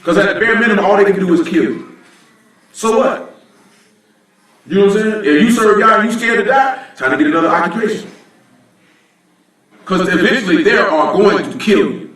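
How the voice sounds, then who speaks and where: A man's voice: high-pitched, animated, brisk, fairly bright tone. A man gives informal, blunt Bible teaching, talking conversationally and often asking "you know what I'm saying". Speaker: teacher at a religious assembly. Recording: very echoey room, voice from a distance.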